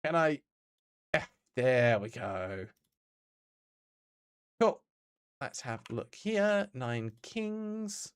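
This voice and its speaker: A man's voice: mid-range voice, lively intonation, very slow, long pauses, smooth. An Australian man streaming games, chatting casually and answering his chat as he plays.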